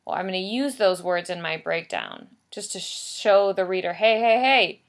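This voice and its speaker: A woman's voice: lowish voice, big pitch swings, normal speed, gravelly. A woman teacher giving a recorded writing lesson, explaining patiently and stressing key points by repeating them. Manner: patient, explanatory, emphatic repetition.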